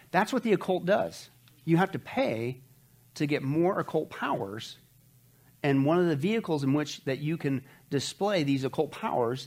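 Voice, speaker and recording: A man with a slightly high voice leads a Bible study in a loose, conversational sermon style. He presses his points with emphasis and keeps turning to his listeners with rhetorical questions. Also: breathy edge.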